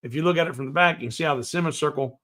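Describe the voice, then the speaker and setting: A man's voice: on the high side, very fast, fairly bright tone. A man hosting a woodworking livestream in a loose, folksy way, reading out viewer comments and humming to himself as he works in his workshop. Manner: folksy and loose, hums to himself while working; reads viewer comments aloud and answers them. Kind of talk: casual live tutorial chat.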